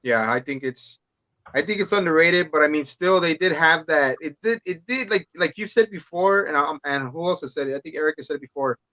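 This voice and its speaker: A man's voice: a little high, fairly quick, pushed and bright, no echo. A man guesting on a podcast over a call, talking about movies in a loose, rambling way. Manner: rambling, lots of "man" and restarts. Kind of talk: casual movie chat. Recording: slightly dull dry sound.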